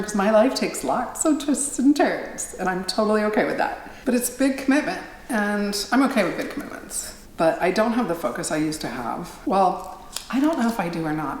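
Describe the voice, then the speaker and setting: Her voice sits on the low side, and there's slight background noise. A middle-aged woman chats to her vlog viewers in a rambling, self-deprecating, casual way, recorded with roomy echo and faint ambience.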